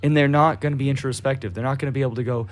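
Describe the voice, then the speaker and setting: A young man holds forth on a casual podcast, his voice sitting at an ordinary middle pitch. He rants with heat and frequent swearing, sometimes slipping into mocking voices to make fun of his targets. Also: steady tone, very fast. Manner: profane, heated, mocking voices mid-rant. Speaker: podcast co-host.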